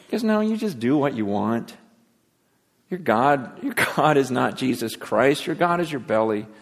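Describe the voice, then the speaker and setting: A man preaching a sermon, moving between hushed, intense passages and raised, pleading ones. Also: medium pitch, expressive, measured pace, in a large hall. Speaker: pastor.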